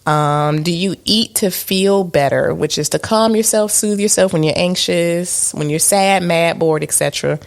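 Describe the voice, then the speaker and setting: A woman's voice: lowish voice, normal speed, vocal fry, few pauses. A woman co-hosting a podcast in a casual chat, candid and self-mocking, with many fillers. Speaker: podcast co-host.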